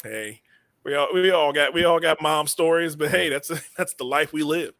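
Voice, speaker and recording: Bright animated man host. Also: a little high, normal speed, dry recording. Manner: animated storytelling with laughter. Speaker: podcast host. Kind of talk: casual comedy podcast chat.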